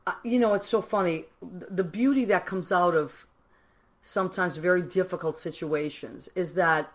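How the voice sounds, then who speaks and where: A woman's voice: on the low side, normal speed. A woman from Massachusetts hosting a live call-in show, chatty, effusive and affectionate, rambling a little as she goes. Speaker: host.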